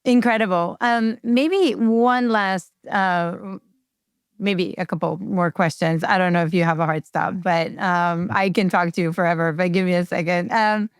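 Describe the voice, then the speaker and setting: A woman hosting an interview podcast, effusive and quick with enthusiastic praise. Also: fairly low pitch, fairly even intonation, clear, resonant tone, no echo, studio quality. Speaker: podcast host.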